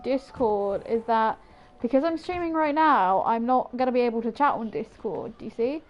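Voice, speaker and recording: A woman's voice: on the high side, moderate pace, dull audio, faint music behind. A woman streaming a game, chatting casually with viewers in rambling asides. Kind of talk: casual gameplay commentary.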